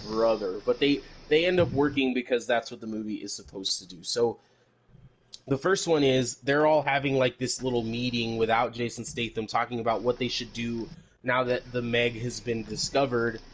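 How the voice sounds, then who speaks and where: A man's voice: mid-range voice, rough recording. A man co-hosting a podcast, recapping a movie in rambling casual chat and swearing freely. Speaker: podcast co-host.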